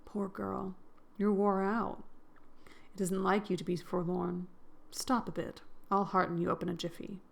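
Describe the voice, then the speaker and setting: A woman's voice: mid-range voice, little pitch movement, unhurried, creaky. A woman doing a mischievous, eager young man. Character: cheerful, mischievous young man, kindly friend.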